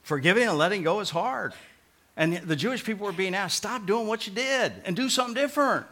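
A male pastor preaching a sermon in a conversational way, moving between loud emphatic points and quiet, earnest pleading, often repeating short phrases. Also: sits high, lively intonation, brisk.

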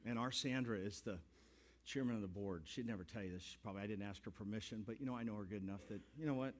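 A man's voice: on the low side, fast talker, a little hiss or hum. A middle-aged male pastor giving a sermon, telling folksy stories with jokes and building to emphatic exhortation.

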